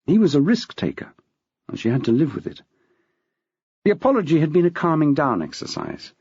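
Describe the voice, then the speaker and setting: A man narrating an audiobook in a measured, expressive reading style. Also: a little high, breathy edge, no room sound. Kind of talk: scripted narration. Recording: dull, dry.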